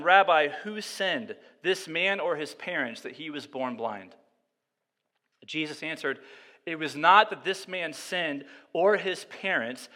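A male pastor preaching a sermon, moving between quiet, slow reflection and loud, emphatic passages. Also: a little high, in a large hall.

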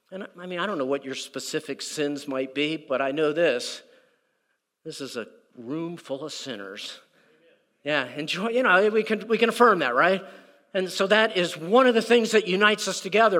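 Male pastor, high voice, casual sermon delivery, stumbles over repeated words, long church reverb. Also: bright, forceful tone. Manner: conversational, repeats words, acts out quoted prayers. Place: church sanctuary. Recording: reverberant hall.

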